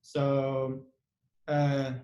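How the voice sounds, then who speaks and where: Halting man teaching grammar, echoey. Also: mid-range voice, completely flat delivery, warm tone. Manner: halting, many fillers and restarts, repeats examples. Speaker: English teacher. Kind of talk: online grammar lesson.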